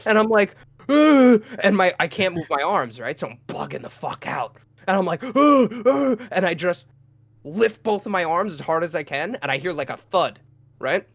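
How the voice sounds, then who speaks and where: A young man, a podcast co-host, telling a rowdy personal story with lots of swearing and loud acted-out shouts. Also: on the high side, normal speed, dry recording. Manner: profane, animated, acts out his own lines in a loud voice. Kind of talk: casual storytelling.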